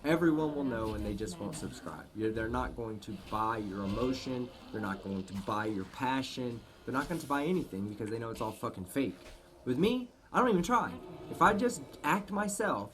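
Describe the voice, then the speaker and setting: A man hosting a live stream, chatting casually, swearing often and thanking viewers with emphatic shouts. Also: medium pitch, animated, moderate pace. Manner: profane, emphatic, shouts out supporters. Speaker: livestream host. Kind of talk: casual livestream chat.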